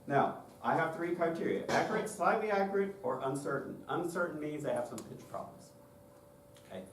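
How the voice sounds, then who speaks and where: A man's voice: fairly high pitch, lively intonation, brisk. A man presenting a choir directors' workshop, explaining his methods step by step and often checking in with the audience with "okay?". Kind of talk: conference lecture with demonstrations. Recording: roomy and distant with faint noise.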